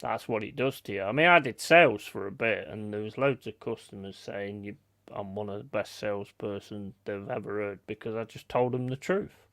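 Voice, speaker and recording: A man's voice: lowish voice, moderate pace, creaky, fairly bright tone, no room sound. A man chatting casually on a live stream, telling blunt, sweary stories and reading out viewers' comments. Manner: swears freely, blunt storytelling, reads out chat comments.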